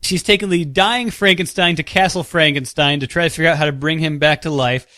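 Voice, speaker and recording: A man's voice: fairly high pitch, brisk, sharp tone, no room sound. A man co-hosting a casual podcast, recapping stories with dry, wry humor. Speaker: podcast co-host.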